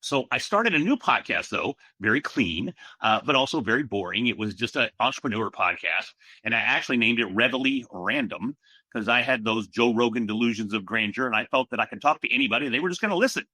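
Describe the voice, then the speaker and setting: A man chatting as a guest on a podcast, telling stories in a relaxed, animated way. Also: medium pitch, fast, no echo. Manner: relaxed storyteller, animated asides. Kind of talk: casual conversational interview.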